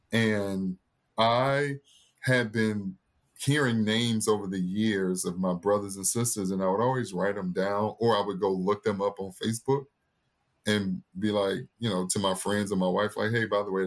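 A man's voice: on the low side, fairly even intonation, measured pace. A man in his thirties, a podcast guest, telling a personal family story in an earnest, candid way and acting out the voices of the people in it.

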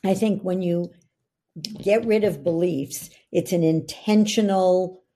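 A woman's voice: on the low side, steady tone, slow pace, mellow. A middle-aged woman, a podcast guest, explaining ideas in an earnest coaching tone. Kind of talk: interview conversation.

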